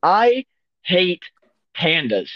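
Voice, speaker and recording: A young man with a fairly high voice riffs through goofy, over-the-top rants in a loose podcast chat. His mic sounds dry and a little dull, like a cheap home setup. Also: huge pitch swings, no room sound. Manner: goofy, deliberately absurd rants. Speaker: podcast co-host. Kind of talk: casual joking chat.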